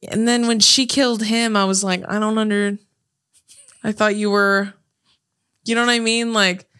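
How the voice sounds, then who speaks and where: A woman talks casually and quickly with a friend on a podcast. Her voice is bright and forward, with an easy middle pitch. She laughs between opinions. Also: flat delivery, smooth. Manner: chatty, quick, laughing asides. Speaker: podcast co-host. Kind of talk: casual chat.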